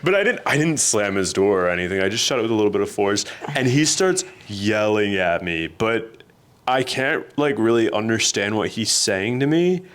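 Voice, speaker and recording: A man co-hosting a podcast, telling stories in a casual, animated way and laughing often. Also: lowish voice, moderate pace. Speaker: podcast co-host. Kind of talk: casual storytelling chat.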